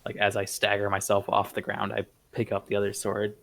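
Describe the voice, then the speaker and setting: A man's voice: lowish voice, monotone, a little fast, vocal fry, a bit bright. A man playing in an online tabletop game, joking wryly as he talks through his turn. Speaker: player. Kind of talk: casual tabletop game chat.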